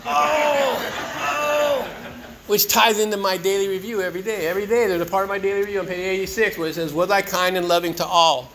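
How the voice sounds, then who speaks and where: A man's voice: high voice, steady tone, very fast, hardly any pauses, background noise. A man telling his own recovery story at a meeting, casual, earnest, and joking. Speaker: speaker sharing at a recovery meeting. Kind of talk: personal recovery share.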